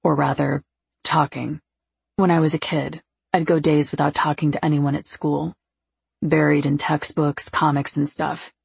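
A woman voicing a quiet, brooding man with a husky, gravelly voice and terse delivery. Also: low voice, flat delivery, a little slow, dry recording, voice pushed down, exaggerated voice. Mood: subdued.

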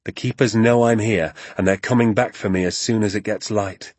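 A man voicing an injured father in a storybook reading, calm and tender toward his son. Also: fairly low pitch, moderate pace, dry recording, natural voice. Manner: calm and tender, shouting from afar. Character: injured father, gentle and steady.

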